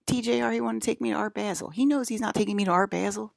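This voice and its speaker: A woman's voice: medium pitch, fairly even intonation, racing, creaky, dry recording, clean studio sound. A woman vlogging in a rambling casual monologue, talking straight to her viewers and repeating her points with emphasis. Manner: emphatic, repeats herself, addresses viewers directly.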